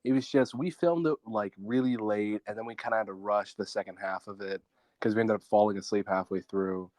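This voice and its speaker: A man's voice: on the low side, steady tone, brisk, a little mellow, no room sound. A man co-hosting a podcast from home, chatting casually and giving blunt opinions on films. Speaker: podcast co-host. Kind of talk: casual chat.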